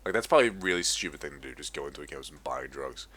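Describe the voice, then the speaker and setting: A man's voice: extremely low pitch, lively intonation, very fast, fairly bright tone, breathy edge. A young man ranting profanely in a casual gaming commentary. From Australia. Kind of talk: casual rant over gameplay.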